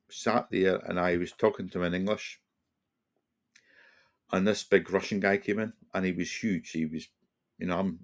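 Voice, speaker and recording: A Scottish man in his sixties, a retired police officer, telling a reflective story as a podcast guest, often restarting and slipping into quoted dialogue. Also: low-pitched. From Scotland. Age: 60s.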